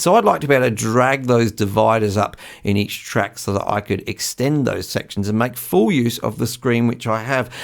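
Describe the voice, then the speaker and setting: A man hosting a screen-recorded software tutorial, chatty and enthusiastic, with frequent ums. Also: mid-range voice, gravelly.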